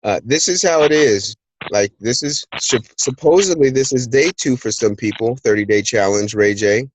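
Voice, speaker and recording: A man's voice: medium pitch, normal speed, slight background noise, low-quality recording. A man hosting a team call, talking casually and energetically, telling stories and urging listeners on. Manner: energetic, storytelling, plays out voices in quotes. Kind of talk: casual motivational talk. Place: hot place, remote recording.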